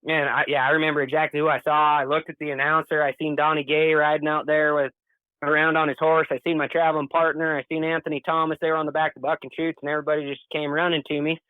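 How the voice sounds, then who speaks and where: A man's voice: fairly high pitch, flat delivery, fast talker, dry recording. A man guest in a casual interview, recounting a story in an earnest, plain-spoken way. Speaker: podcast guest. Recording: thin phone-like dry sound.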